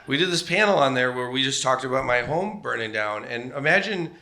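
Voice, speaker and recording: Man, middle-aged, bright voice, rambling self-deprecating stage storyteller, comedy club. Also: mid-range voice, lively intonation, brisk. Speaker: comedian guest.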